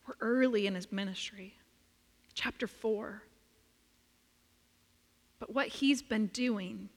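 A woman preaching a sermon, telling a scripture story with swings from loud emphasis to hushed quiet. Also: a little high, long reverb tail.

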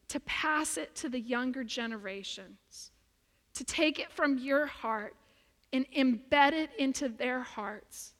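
Woman pastor, high voice, emphatic repetitive sermon delivery, long reverb of a big sanctuary. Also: fairly bright tone. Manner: earnest, emphatic preaching with repetition. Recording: long reverb of a large room.

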